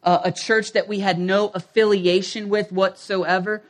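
High voiced guy preaching, middle aged, tells his story and does everyone's voices. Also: moderate pace. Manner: animated, acts out quoted voices. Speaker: pastor. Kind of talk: sermon storytelling.

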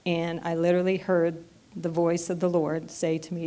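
Middle-aged woman telling her story at church, low flat voice, kinda halting, keeps restarting. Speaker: church member giving testimony. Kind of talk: personal testimony at church. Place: church sanctuary.

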